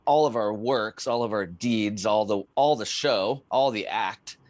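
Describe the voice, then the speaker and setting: A middle-aged man hosting a podcast, speaking earnestly and haltingly, restarting and repeating words as he works out his ideas. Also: lowish voice, dry recording. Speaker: podcast host. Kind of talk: reflective podcast conversation.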